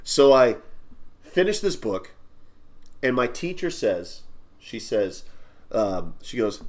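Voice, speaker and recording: A man's voice: mid-range voice, very animated, slow pace, pauses often. A man co-hosting a podcast, telling a long childhood story in loose, rambling casual chat and swearing along the way. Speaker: podcast co-host.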